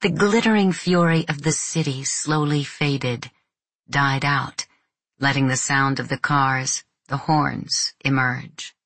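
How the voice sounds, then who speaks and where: A woman reading a novel aloud as an audiobook narrator, in a measured, even storytelling manner. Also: rumbling low, no echo.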